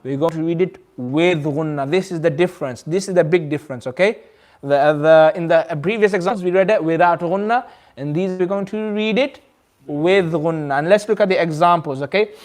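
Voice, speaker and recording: A man's voice: on the high side, moderate pace, darkish tone. A man teaching a Quran recitation class in a community centre, patiently quizzing his students and modelling the sounds aloud. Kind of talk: classroom lesson.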